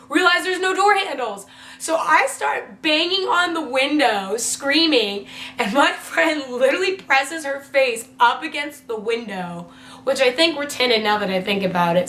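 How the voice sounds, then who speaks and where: A woman's voice: high-pitched, expressive, moderate pace, bright, forceful tone. A young woman telling a story in a casual vlog, chatty and filling her talk with "like" and the odd swear word. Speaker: vlogger. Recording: roomy echo with faint hum.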